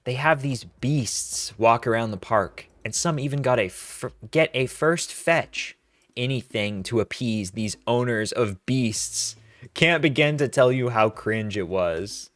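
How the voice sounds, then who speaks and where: A man's voice: mid-range voice, animated, measured pace, a bit bright, dry recording. A young man hosting a casual commentary, sarcastic and exasperated, with many fillers. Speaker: commentary host.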